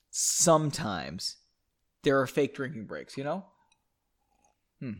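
Animated man reading aloud with asides. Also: medium pitch, slow, long pauses. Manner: animated, irreverent, self-mocking. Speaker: story reader.

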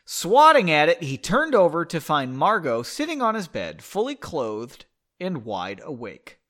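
A man's voice: fairly high pitch, wildly swooping pitch, unhurried, fairly bright tone. A man casually reading a story aloud, breaking off to joke, swear and find his place. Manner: joking asides, swearing, loses his place. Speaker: amateur reader.

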